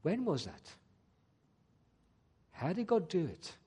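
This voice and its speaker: A man's voice: sits high, huge pitch swings, slow pace, mellow, breathy edge. A man preaching a sermon to his church, earnestly putting rhetorical questions to the congregation. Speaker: pastor. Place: church service.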